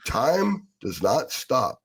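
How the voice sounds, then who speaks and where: A man's voice: medium pitch, wildly swooping pitch, drawn-out words, fairly bright tone, breathy edge. A middle-aged man co-hosting a casual sports podcast, talking with wry, nostalgic, grumbling humor. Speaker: sports reporter and co-host.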